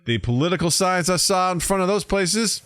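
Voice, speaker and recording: A man's voice: sits high, moderate pace, clean tone, dry recording. A man in his thirties co-hosting a podcast, telling stories casually and acting out what people say, with plenty of swearing. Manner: animated storytelling, acts out quoted voices, swears freely. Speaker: podcast co-host. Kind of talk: casual chat.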